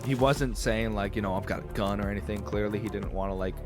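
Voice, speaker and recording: A man's voice: fairly low pitch, quick pace, over music. A young man hosting a podcast, telling a story in a loose, rambling way full of filler words. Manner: rambling, filler-heavy retelling. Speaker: podcast host. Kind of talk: casual storytelling.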